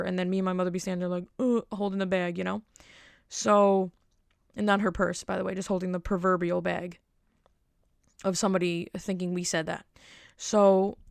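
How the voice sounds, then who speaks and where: A woman's voice: mid-range voice, creaky, dry recording, clean studio sound. A woman hosting a podcast, telling a rambling, digressive story in casual monologue with wry asides. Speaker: podcast host.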